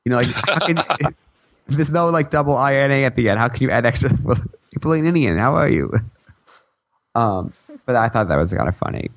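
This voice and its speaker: A man's voice: mid-range voice, fairly quick. A man co-hosting a gaming podcast in casual chat, rambling and giggly with lots of fillers, his voice a bit worn. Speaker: podcast co-host.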